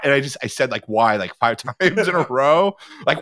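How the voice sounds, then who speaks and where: A man's voice: mid-range voice, moderate pace, no room sound, clean studio sound. A man telling a story on a casual podcast, acting out the quoted lines. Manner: animated, acts out quotes. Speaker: podcast panelist.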